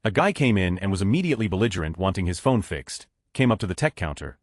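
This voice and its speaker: A man reading online stories aloud as a narrator, in a brisk, even way. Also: low voice, no echo, studio quality.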